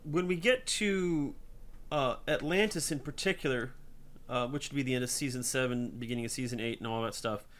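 A man's voice: mid-range voice, a bit bright. A man co-hosting a podcast, chatting casually about a TV series in a thoughtful way with many ums. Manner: thoughtful, with many ums and some quick bursts. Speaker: podcast co-host.

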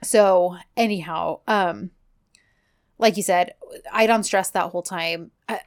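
A woman's voice: lowish voice, takes it slowly. A woman co-hosting a casual podcast, recapping a TV series and acting out the characters' lines as she retells scenes. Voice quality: animated, acts out characters' lines while retelling. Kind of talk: casual chat.

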